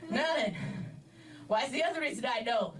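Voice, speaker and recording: A woman doing an erratic stand-up set, often shouting and laughing between lines. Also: a little high, lively intonation, moderate pace, recorded from a distance. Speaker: stand-up comedian. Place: comedy club stage.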